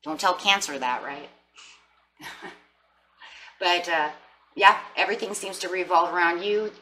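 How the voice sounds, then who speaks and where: A bright, sharp-toned woman gives a casual tarot reading, chatty and sassy. Her voice sits a little low for a woman. She sounds slightly away from the mic, with faint hiss behind her. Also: unhurried, recorded from a distance. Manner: playful, sassy, chatty with laughs. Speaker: tarot reader.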